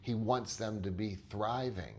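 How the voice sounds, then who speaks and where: A man with a fairly low voice talks earnestly as a therapist recounting a session. His delivery is conversational, and he doubles up words as he starts each point. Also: unhurried, slight background noise. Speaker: therapist and coach. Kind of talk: storytelling monologue.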